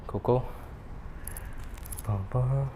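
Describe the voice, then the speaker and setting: A man's voice: medium pitch, very slow, warm tone, a little hiss or hum. Rambling young British man at the gym. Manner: rambling, chatty, self-deprecating asides. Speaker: fitness vlogger. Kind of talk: casual chat between gym sets. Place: indoor gym.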